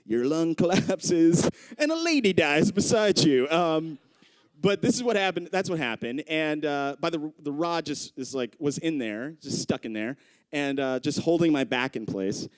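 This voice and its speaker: Animated male stand-up comedian, smooth voice. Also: unhurried, no echo. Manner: animated, acts out quoted people with big pitch jumps. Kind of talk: live stand-up storytelling. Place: live comedy club stage.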